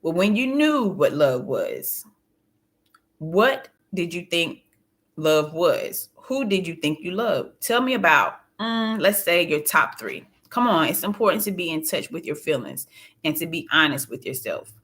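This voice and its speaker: A woman reading as a calm, probing counselor. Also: fairly low pitch, measured pace. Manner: gentle, coaxing questions. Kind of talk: audiobook narration.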